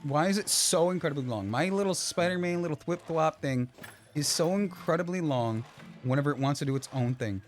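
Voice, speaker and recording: A man's voice: a little high, a little fast. A man streaming a platform game, talking to himself and pleading with the game as he gets frustrated. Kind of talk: live gameplay commentary. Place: home streaming setup. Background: game music.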